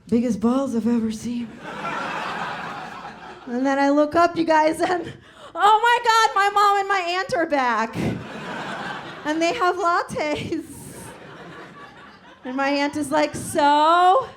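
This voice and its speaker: A young woman doing stand-up, telling a story with lots of laughter and shouted voices. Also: high voice, a little hiss or hum. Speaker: stand-up comedian.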